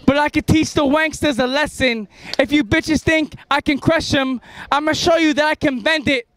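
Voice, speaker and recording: A very high-voiced man spits a cocky freestyle rap on a street corner at night. He rhymes in quick bursts and breaks into laughter between bars, recorded on a handheld camera out in the open street. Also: fairly bright tone, no echo. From New York. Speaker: rapper.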